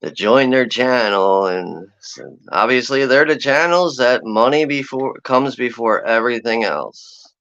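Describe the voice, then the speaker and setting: A man's voice: mid-range voice, expressive, a little slow, fairly bright tone. A man chatting casually and profanely on a livestream, rambling and laughing as he talks. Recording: dull lo-fi sound.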